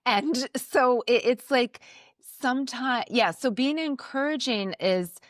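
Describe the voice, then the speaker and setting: A woman's voice: on the high side, slow, no echo, clean studio sound. A woman co-hosting a parenting podcast who speaks thoughtfully, affirming her partner and summing up the points. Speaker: podcast co-host. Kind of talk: casual parenting chat.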